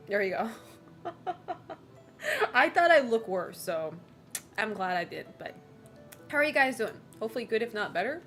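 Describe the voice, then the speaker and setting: A young woman game streamer chats casually with her live chat from home, rambling, giggling and swearing freely. Her voice is a little high with a fairly bright tone.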